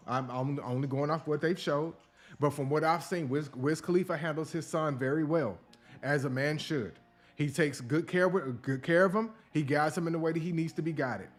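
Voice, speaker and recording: Male podcast host, blunt, profane, ranting commentary, faint background music. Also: fairly high pitch. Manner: blunt, profane, animated rants. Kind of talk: casual opinion commentary.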